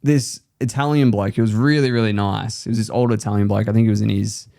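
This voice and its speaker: A man's voice: on the low side, steady tone, fast talker, gravelly, mellow. A young man, a podcast co-host, telling workplace stories in casual chat and laughing often.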